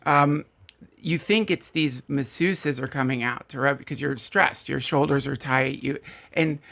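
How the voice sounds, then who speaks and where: A man telling an absurd story in a studio as a podcast guest, earnest and deadpan. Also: medium pitch, a little slow, creaky. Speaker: comedian guest.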